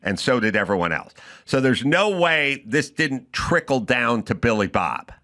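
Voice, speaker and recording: Male podcast host, bright sharp tone, profane and animated, acts out the lines. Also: medium pitch, a little slow. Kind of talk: casual comedic rant.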